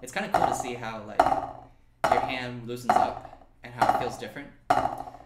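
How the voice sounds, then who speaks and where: A man's voice: medium pitch, level tone, moderate pace, reverberant, heavy background noise. A young man from New Mexico teaching an online snare drum lesson, encouraging and counting aloud as he plays along. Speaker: percussion teacher. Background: snare drum and practice pad playing.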